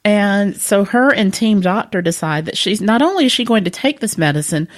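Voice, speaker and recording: A woman's voice: mid-range voice, normal speed. A woman guest telling a funny story in conversation, acting out the voices of the people in it. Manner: lively, acts out voices while telling a story.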